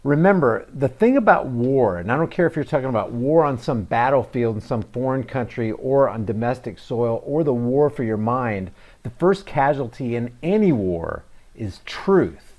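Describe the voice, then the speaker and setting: A man's voice: medium pitch, lively intonation, normal speed, darkish tone. A man hosting a reaction video, talking in a sarcastic, mocking commentary style. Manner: mocking, emphatic, with scornful asides.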